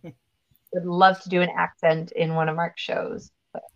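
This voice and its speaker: A woman actress chatting as an interview guest, talking in an animated, storytelling way. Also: lowish voice, a little slow, dull audio. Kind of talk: casual interview chat.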